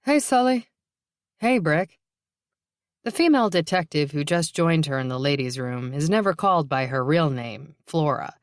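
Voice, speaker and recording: A woman narrating a novel in a steady, even reading voice. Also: low-pitched, a little fast, hardly any pauses, dry recording, studio quality. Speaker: audiobook narrator. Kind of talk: scripted narration.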